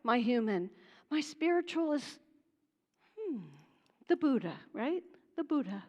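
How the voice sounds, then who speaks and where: Woman minister from Pennsylvania, high voice, animated sermon with hushed passages, reverberant hall. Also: takes it slowly, dull audio. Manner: animated, laughing, drops to hushed tones. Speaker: guest minister. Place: church sanctuary.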